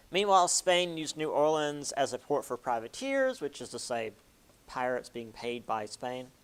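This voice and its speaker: A man's voice: mid-range voice, fairly bright tone, smooth. A man giving a casual history lecture, chatty, with many fillers and playful quoted asides.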